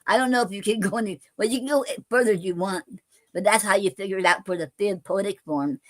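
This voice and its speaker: A woman hosts a poetry show from a dry, close-miked spot with no room sound. She talks casually and haltingly, full of fillers and restarts, and her pitch sits in the middle for a woman. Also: fairly bright tone, no room sound. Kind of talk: casual live-stream chat.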